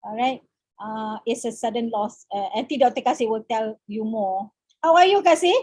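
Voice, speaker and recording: A Malaysian woman lectures on counseling in a high-pitched voice, pausing often with fillers and dropping in the odd Malay word. The sound is close and dry, with no room around it, as over a video call. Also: a little mellow, no room sound. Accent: Malaysian English. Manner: halting, many fillers, mixes in Malay words. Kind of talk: seminar lecture.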